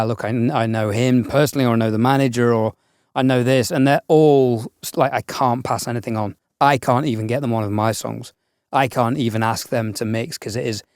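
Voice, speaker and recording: A man co-hosting a podcast about audio engineering, speaking in a measured, reflective way with some teasing. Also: medium pitch, darkish tone, dry recording, studio quality. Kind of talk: casual podcast chat.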